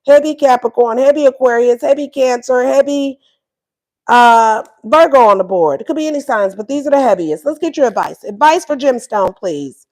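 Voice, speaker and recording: A woman's voice: high voice, lively intonation, moderate pace, darkish tone. A woman giving a casual tarot reading, sassy and acting out what the lovers would say. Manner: sassy, acts out voices of both lovers. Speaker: tarot reader.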